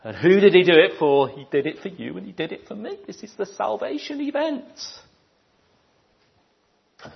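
A man preaching a sermon, swinging from loud declarations to hushed, near-whispered passages. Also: high-pitched, big pitch swings, a little slow, vocal fry, pauses often, breathy edge, highs cut off.

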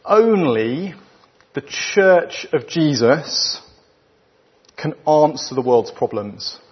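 A man with a British accent delivers a sermon at a deliberately slow pace. His voice is husky and sits a little high. The recording is dull and lo-fi, as if taken in a church. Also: lively intonation. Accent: British English. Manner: emphatic, with rhetorical questions and weighty pauses. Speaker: preacher.

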